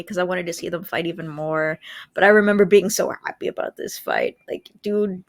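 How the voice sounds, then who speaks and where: A woman's voice: lowish voice, fairly bright tone. A woman co-hosting a casual podcast chat, laughing often and correcting herself mid-sentence. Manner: chatty, laughs, quick self-corrections. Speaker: podcast co-host.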